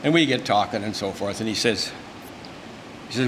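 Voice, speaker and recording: A man's voice: medium pitch, a little fast, pauses often, noisy background. Older male speaker, folksy and emphatic, talking to an event room. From Canada. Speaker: speaker at a luncheon. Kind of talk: informal speech.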